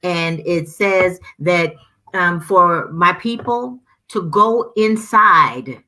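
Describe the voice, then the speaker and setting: Bright-voiced fervent woman guest. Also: lowish voice, drawn-out words, poor audio. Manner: fervent, preacher-like repetition. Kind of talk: conversational discussion.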